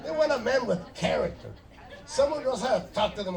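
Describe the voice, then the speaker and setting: High-voiced stand-up comedian. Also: male voice, expressive, a little fast, vocal fry, recorded from a distance, crowd noise, poor audio. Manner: storytelling, slipping into Spanish and acted voices. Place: live theater stage before an audience.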